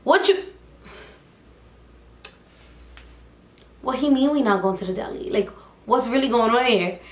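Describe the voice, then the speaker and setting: Lady doing a bratty toddler girl voice, squeaky and whiny, echoey room. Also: a little fast, lightly acted. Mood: indignant. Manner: whining, indignant. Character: whiny spoiled three-year-old girl. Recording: roomy echo.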